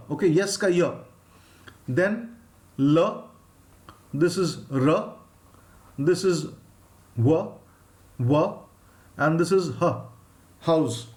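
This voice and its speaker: A man with an Indian English accent, teaching a live phonics lesson and drawing out each sound slowly. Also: high-pitched. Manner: slow, drawn-out demonstration of sounds, reading out viewers' names.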